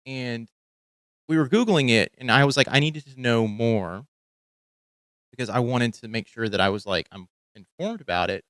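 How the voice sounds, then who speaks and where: A young man from Texas with only a faint trace of a Texan accent hosts a casual news podcast. He thinks aloud, full of fillers and restarts, at a middling pitch. The sound is dry and close, with no room around it. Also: normal speed, a bit bright, no echo. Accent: light Texan. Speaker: podcast host. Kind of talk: casual commentary on news clips.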